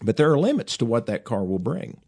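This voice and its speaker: A man's voice: mid-range voice, sing-song, brisk, dark tone, slightly rough. A man in his fifties hosting a show, chatting casually and folksily, rambling with fillers and restarts. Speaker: host. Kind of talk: casual chat.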